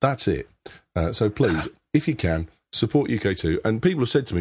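Low-voiced chatty English podcast host. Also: male voice, sing-song, fairly quick, slightly rough. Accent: Birmingham English. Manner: chatty, rambling with many restarts and laughs. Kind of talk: casual tech podcast chat.

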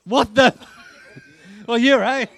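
A man hosting a live tech meetup game, excitable and laughing, with quick countdowns. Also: very high voice, creaky. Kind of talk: lively game-show style hosting.

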